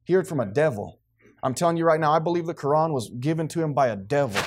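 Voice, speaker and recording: A man's voice: on the high side, quick pace, background noise. A man preaching a sermon to a congregation, acting out the voices of the people he quotes. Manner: animated, acts out quoted voices, responsive amens from congregation.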